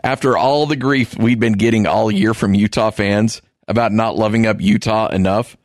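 A man's voice: on the low side, fairly even intonation, moderate pace, no echo, studio quality. Chatty male podcast co-host. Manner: amused, conversational, frequent "uh". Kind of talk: sports podcast chat.

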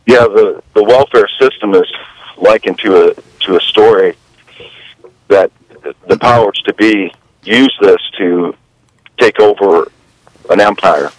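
Deep-voiced man talking haltingly. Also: low-quality recording. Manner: halting, restarts phrases. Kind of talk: radio talk.

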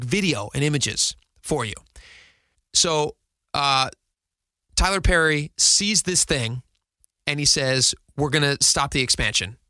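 A man's voice: medium pitch, bright, forceful tone, dry recording, studio quality. A man in his thirties hosting a radio talk show, chatty and rambling, with a self-deprecating manner. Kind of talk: casual radio chat.

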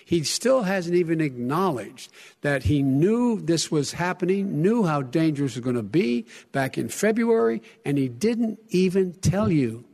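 A man in his seventies in a heated live debate, earnest and pointed, with frequent halting restarts. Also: on the high side, very animated, gravelly, a little mellow. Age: 70s. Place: debate stage in a hall.

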